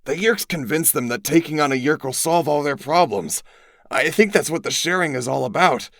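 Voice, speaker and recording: A man's voice: fairly high pitch, normal speed, gravelly, fairly bright tone, no echo, studio quality, voice pushed up. A man voicing an earnest teenage boy who explains things in a lifted, serious voice, in a solo-acted audiobook. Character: Tobias, earnest teenage boy trapped as hawk.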